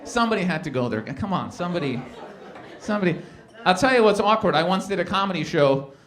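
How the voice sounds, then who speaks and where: A man's voice: high-pitched, quick pace, a faint crowd. A man doing a stand-up comedy set at a live event, telling stories and acting out the people in them. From Canada. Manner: animated storytelling, acts out quoted characters.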